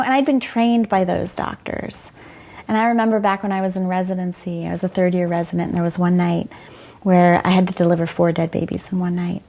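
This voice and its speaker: A woman's voice: fairly low pitch, flat delivery, a little fast, mellow. A middle-aged woman, a former doctor, telling frank, emotional stories in an interview and quoting people as she goes. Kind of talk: candid conversational storytelling.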